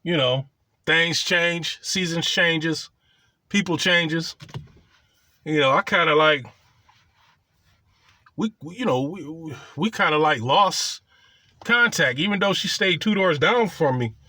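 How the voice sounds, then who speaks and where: Man, casual storytime, profane and boastful, raised pitch, dry close sound. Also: slow pace, long pauses, sharp tone, no echo.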